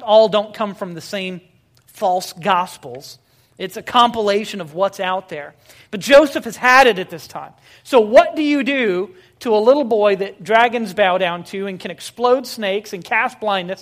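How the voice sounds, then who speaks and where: Pastor, sermon, conversational storytelling, wry humor, rhetorical questions, hesitant filler sounds. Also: medium pitch. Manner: asks the congregation rhetorical questions.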